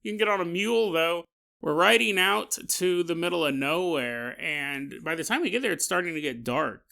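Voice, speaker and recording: Podcast host, male, high bright voice, comedic storyteller who jokes around. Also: normal speed, vocal fry. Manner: joking, animated, laughing asides.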